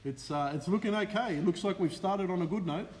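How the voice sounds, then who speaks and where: An Australian man with a slightly high voice hosts a casual live racing stream, rattling off viewer names between "uh"s. He sounds like he's in a big echoey hall, with faint noise behind him. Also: fairly quick. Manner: lively, reels off viewer names with many "uh" fillers.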